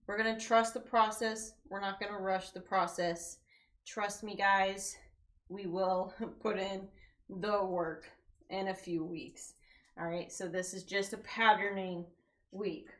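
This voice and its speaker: A woman's voice: mid-range voice, echoey room. Breathless woman coaching a workout. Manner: encouraging, counts reps, casual slang. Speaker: fitness coach. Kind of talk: live workout class instruction.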